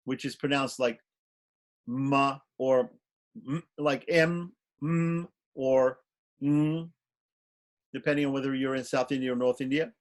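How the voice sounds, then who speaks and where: A man's voice: medium pitch, fairly even intonation, measured pace, long pauses. A man teaching a class on ritual and mantras, explaining step by step and chanting short mantras aloud. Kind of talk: online class lecture.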